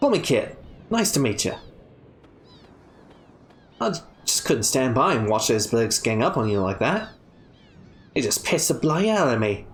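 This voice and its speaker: A woman's voice: rumbling low, big pitch swings, normal speed, long pauses, voice pushed down. A woman voicing a brash, cocky young girl with a put-on Australian accent, speaking in a slangy, teasing way.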